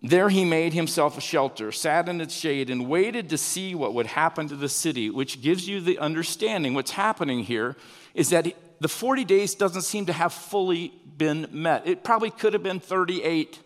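Male pastor, sermon delivery, slightly high voice, long hall reverb. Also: normal speed. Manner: animated preaching, pitch rising and falling with emphasis.

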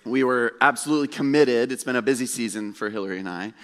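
A man's voice: medium pitch, quick pace. A male pastor delivers a casual, story-driven sermon with self-deprecating humor. His mid-range voice rings with a long reverb that fills the church sanctuary.

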